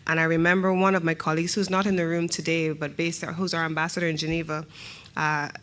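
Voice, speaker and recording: A middle-aged woman from Barbados with a Barbadian accent, speaking as a government minister in a measured, emphatic formal speech. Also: low-pitched, flat delivery, fairly bright tone, clear, resonant tone. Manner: measured, emphatic, rhetorical questions.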